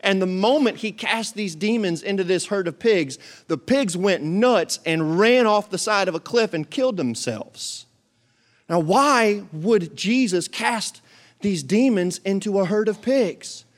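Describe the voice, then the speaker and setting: A man delivering a sermon in a noticeably high voice. He reads scripture aloud, then breaks into casual, animated explanation with jokes and asides to his listeners. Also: unhurried. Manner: jokes and talks to the congregation. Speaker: pastor.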